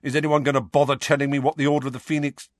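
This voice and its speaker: A man voicing an angry, sarcastic teenage boy who makes loud demands in a storybook reading. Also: mid-range voice, little pitch movement, rapid-fire, no room sound, clean studio sound, pitched above the performer's own voice, close to an everyday voice. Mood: furious.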